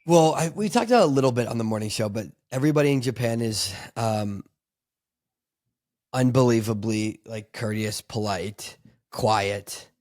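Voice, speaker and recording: A man's voice: medium pitch, normal speed, a little mellow, dry recording, studio quality. A man co-hosting a podcast, chatting casually and rambling with lots of fillers, restarts and laughs. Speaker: podcast co-host. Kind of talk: casual chat.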